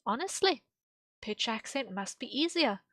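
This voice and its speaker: A woman's voice: a little high, big pitch swings, a little slow, fairly bright tone, dry recording. A young woman streaming while she draws, rambling casually with lots of fillers and small laughs. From English-speaking. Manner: rambling, thinking aloud with many fillers and laughs.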